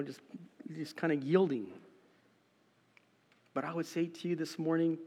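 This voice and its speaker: A middle-aged man preaching a sermon to cameras in an empty room, animated and conversational, with self-deprecating asides. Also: a little high, in a large hall. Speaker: pastor.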